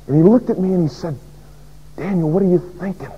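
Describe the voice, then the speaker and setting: A man preaching a dramatic first-person sermon as a pastor, swinging between loud declaration and hushed whisper. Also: high-pitched, quick pace, slight background noise. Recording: dull lo-fi sermon recording.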